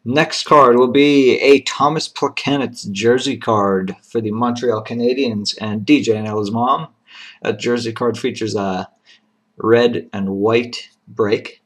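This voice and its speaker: A man of middle pitch hosts a card box break, calling out each pulled card and its serial number at an unhurried pace. He talks in a plain, methodical way, dropping short appreciative remarks when a nice card appears. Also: a bit bright. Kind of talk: live card-opening commentary.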